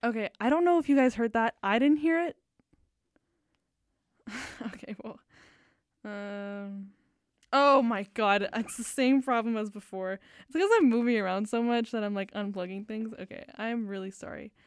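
A woman's voice: fairly high pitch, normal speed, clear, resonant tone, no room sound. Giggly woman radio host, dry studio mic. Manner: giggly, rambling, self-conscious. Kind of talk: casual radio chat. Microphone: fixed studio mic.

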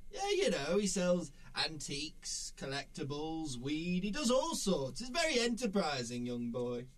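A cheeky, irreverent old stoner grandfather in his nineties, played by a man with a British accent. He speaks in a high, breezy voice and waves off everything. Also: very animated, unhurried. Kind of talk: sketch comedy acting.

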